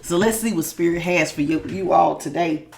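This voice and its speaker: Woman tarot reader, sick, low gravelly voice, folksy and chatty. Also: moderate pace, darkish tone, slight background noise. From Southern United States. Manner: chatty, folksy, calls listeners y'all and baby. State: sick with a sore throat. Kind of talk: casual spiritual reading.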